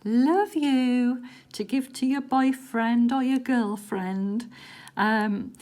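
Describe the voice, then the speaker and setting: A woman's voice: fairly high pitch, takes it slowly. Chatty woman vlogging. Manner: chatty, rambling, with hushed asides. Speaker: crafting vlogger. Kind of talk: casual chat while diamond painting.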